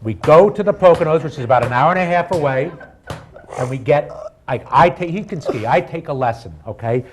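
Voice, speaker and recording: A middle-aged man telling a comic story about himself in an animated, self-deprecating way. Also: on the high side, fairly quick, slight background noise. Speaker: guest storyteller.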